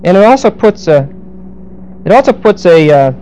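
Dark-toned man teaching a sermon. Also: high-pitched, very animated, moderate pace, a little hiss or hum, rough recording. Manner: explains Greek grammar with asides and humor. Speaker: pastor. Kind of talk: verse-by-verse sermon.

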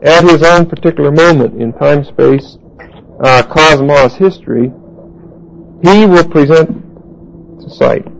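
A man lectures on New Testament Greek, walking through grammar slowly and spelling words aloud as he writes. His voice sits a little high and has a gravelly fry. A faint hiss runs under the recording. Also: rough recording. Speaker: Bible teacher. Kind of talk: Bible study lecture.

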